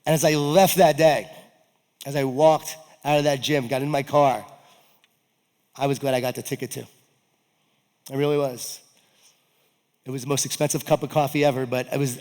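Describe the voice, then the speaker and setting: A man delivers a motivational keynote from a stage, his voice sitting somewhat high. He tells a story with animation, acting out his own remarks, and his words ring with the long reverb of a large event hall. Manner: animated, acts out his own quoted lines. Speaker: keynote speaker.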